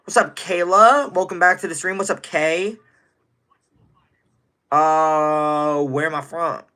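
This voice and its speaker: A man's voice: fairly high pitch, steady tone, slow, bright, forceful tone. A nineteen-year-old man from Indiana, livestreaming casually, rambling and greeting viewers in chat by name. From Indiana, USA. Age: teens.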